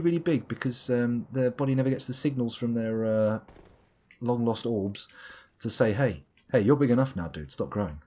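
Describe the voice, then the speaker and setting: A man's voice: fairly low pitch, a little mellow, husky. A man from the UK streaming a game live, rambling and theatrical, swearing and talking to the boss. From United Kingdom. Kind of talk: live gameplay commentary.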